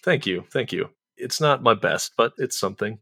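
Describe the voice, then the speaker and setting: A man's voice: medium pitch, lively intonation, normal speed, gravelly, bright, forceful tone, slightly rough, no echo. A man hosting a podcast, asking careful, polite questions. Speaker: podcast host. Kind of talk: casual interview.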